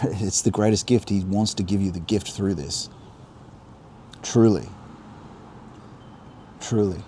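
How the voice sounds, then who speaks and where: Outdoors beside river rapids, a man with a low, steady, warm voice livestreams an earnest, unscripted religious teaching, musing and restarting his thoughts along the way. Faint rushing water and slight background noise can be heard.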